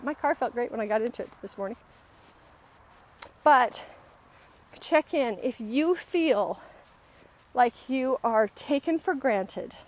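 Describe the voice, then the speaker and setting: Animated woman hosting a live self-help talk. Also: fairly high pitch. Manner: animated storyteller, often acts out quoted voices. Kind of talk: casual motivational talk to a live audience. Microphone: livestream camera mic.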